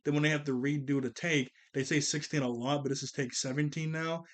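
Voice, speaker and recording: A man's voice: on the high side, steady tone, a little fast. Casual, rambling male episode reviewer. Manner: rambling, self-correcting, acts out character lines in a raised voice. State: tired from recording all day. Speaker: show reviewer.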